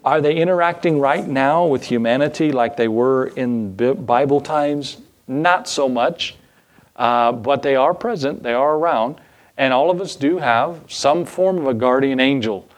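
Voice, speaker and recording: A man's voice: medium pitch, a little slow. A male pastor preaching a sermon in a casual, folksy way, with asides and chuckles.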